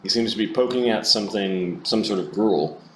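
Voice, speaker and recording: Deep-voiced male game master. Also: normal speed, fairly bright tone, a little hiss or hum. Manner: descriptive, with frequent fillers. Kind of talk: narrating a tabletop game. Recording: echoey room recording.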